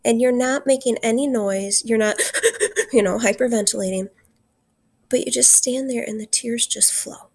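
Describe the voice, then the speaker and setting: A woman teacher giving a recorded literature lesson, earnest and slowing down to stress key points. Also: a little high, steady tone, darkish tone, slightly rough. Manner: earnest, slows down for emphasis.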